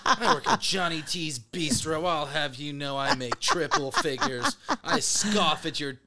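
A man's voice: on the high side, sing-song, unhurried, over a noisy crowd. A man doing a pompous snooty waiter. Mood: haughty. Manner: pompous, mock-haughty. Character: snooty high-end restaurant waiter, haughty.

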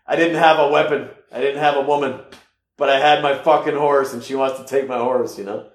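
A man from the United States telling a personal story casually, rambling with halting restarts and sudden loud bursts. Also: mid-range voice. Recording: echoey room.

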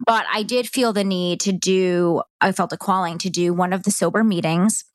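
A woman's voice: on the low side, steady tone, normal speed, dry recording. A middle-aged woman hosting a podcast, telling a personal story in a candid, heartfelt, conversational way. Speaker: podcast host.

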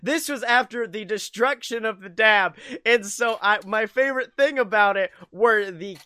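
A man's voice: high-pitched, normal speed, sharp tone, clean tone. A young man co-hosting a podcast, joking and laughing often as he tells stories in casual chat. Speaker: podcast co-host.

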